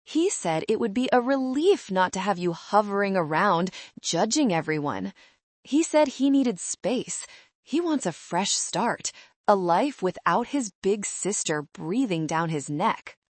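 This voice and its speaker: A woman's voice: mid-range voice, very animated, measured pace, no room sound. A woman voicing a scornful young bride-to-be who talks down to people in a sneering, condescending way.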